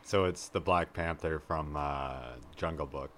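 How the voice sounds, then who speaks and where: Very deep-voiced woman, dry jokes. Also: steady tone, unhurried, fairly bright tone, a little hiss or hum. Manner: dry joking interjections. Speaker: podcast co-host. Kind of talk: casual podcast chat.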